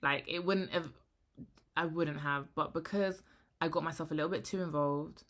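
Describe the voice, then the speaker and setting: A young woman, talking frankly to camera in a rambling, animated vlog. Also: deep voice, moderate pace. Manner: rambling, frank and animated, often trailing into hushed asides. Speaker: vlogger.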